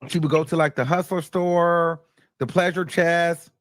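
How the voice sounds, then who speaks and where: A man hosting a casual live stream, recapping a court case with animated storytelling and acting out quotes, chatting with his viewers. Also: a little high, a little slow, dry recording. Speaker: host of a live commentary stream.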